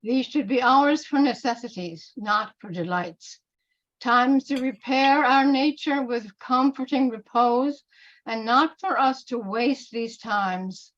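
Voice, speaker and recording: A woman reading the part of a scheming male bishop in an amateur Shakespeare reading, with slow, deliberate verse delivery. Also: a little high, fairly bright tone, dull audio. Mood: weary. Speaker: reader in a play reading.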